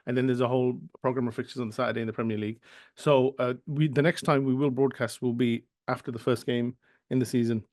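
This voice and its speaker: A man's voice: mid-range voice, steady tone, fast talker, a little mellow, no echo, clean studio sound. A man with a Birmingham accent hosting a casual football podcast, chatty and full of tangents. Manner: chatty, with filler-heavy tangents. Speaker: podcast host.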